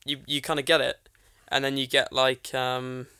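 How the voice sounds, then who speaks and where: Bright, gravelly young man, rambling. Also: mid-range voice, flat delivery, normal speed, no echo, studio quality. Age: young adult. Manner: rambling, full of likes and restarts. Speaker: podcast co-host. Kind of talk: casual chat.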